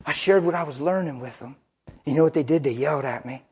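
A male preacher whose slightly high voice has a rough, husky grain. He preaches in a folksy, down-to-earth way, driving his points home with plain talk and stories. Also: quick pace, darkish tone. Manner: folksy, colloquial, emphatic storytelling. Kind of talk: sermon.

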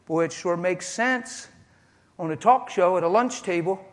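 A man preaching a sermon with passion, building to shouted appeals. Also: sits high, unhurried. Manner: impassioned, rising to shouts. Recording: echoey hall.

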